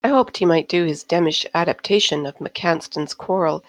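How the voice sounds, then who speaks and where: A woman's voice: fairly low pitch, normal speed, dry recording, close to an everyday voice. A woman voicing a chatty noblewoman who clucks and gossips eagerly.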